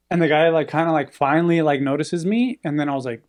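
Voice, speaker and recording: A man's voice: a little high, quick pace. A man telling a story in casual chat, acting out the people in it. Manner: animated, acts out quoted voices.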